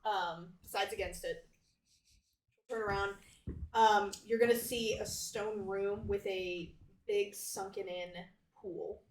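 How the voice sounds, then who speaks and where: A woman playing a tabletop game, relaxed as she describes her character's actions. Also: mid-range voice, takes it slowly. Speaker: player. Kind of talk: casual tabletop play. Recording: echoey room, distant mic, faint noise.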